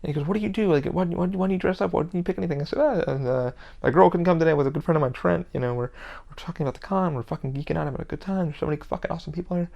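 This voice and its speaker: A man's voice: a little high, very fast, gravelly, highs cut off. A man hosting his own podcast, talking in a heated, rambling monologue with constant swearing. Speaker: podcast host. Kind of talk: casual monologue.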